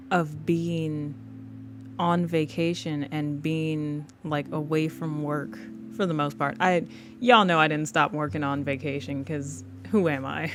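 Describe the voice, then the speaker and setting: A laid-back woman with a low voice chats unhurriedly with viewers during a live drawing stream. She greets people and laughs often. Quiet music plays faintly in the background. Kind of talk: casual chat with live viewers.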